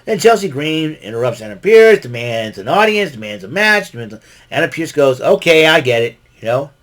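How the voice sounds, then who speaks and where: A man's voice: on the high side, very animated, brisk, fairly bright tone. A man casually recapping a wrestling show, rambling with many fillers and restarts and chuckling often. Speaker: podcast host recapping wrestling.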